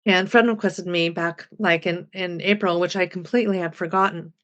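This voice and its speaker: A woman's voice: fairly low pitch, fairly even intonation, normal speed, fairly bright tone, lo-fi sound. A woman in her sixties, a podcast guest animatedly recounting a personal story and acting out remembered dialogue. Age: 60s.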